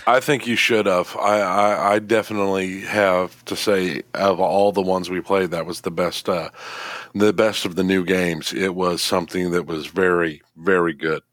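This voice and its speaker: Man, lowish voice, dry sound, enthusiastic, lots of ums, podcast co-host. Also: fairly even intonation, moderate pace, fairly bright tone, no room sound. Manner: enthusiastic, many fillers and restarts. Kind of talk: casual review chat.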